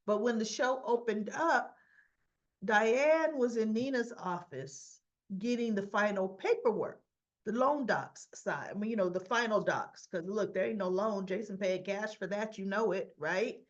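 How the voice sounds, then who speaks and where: A woman's voice: medium pitch, unhurried, muffled recording. A woman chatting through a casual soap opera episode recap, acting out the characters' lines as she goes.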